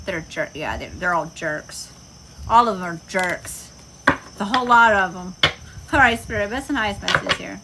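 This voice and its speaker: A woman's voice: mid-range voice, expressive, normal speed, gravelly, background noise. A woman giving a casual tarot reading, talking bluntly and emphatically with plenty of profanity. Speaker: tarot reader. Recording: insects and crickets chirping behind.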